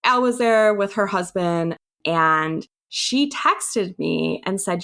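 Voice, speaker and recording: A woman tells her part of the story slowly and deliberately. Her pitch rises and falls a great deal as she recounts it. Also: big pitch swings, fairly bright tone. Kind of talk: personal testimony, podcast.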